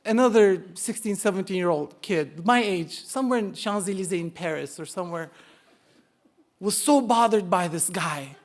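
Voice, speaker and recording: A Turkish man in his forties, speaking with a Turkish accent in a high voice at normal speed, tells a funny personal story live on stage before an audience. He pokes fun at himself as he builds toward each punchline.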